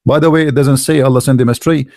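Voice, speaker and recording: A man's voice: medium pitch, steady tone, fast, a little mellow, no room sound, studio quality. A man speaking English as a second language, mocking a religious text in sarcastic, incredulous commentary. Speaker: online religion critic.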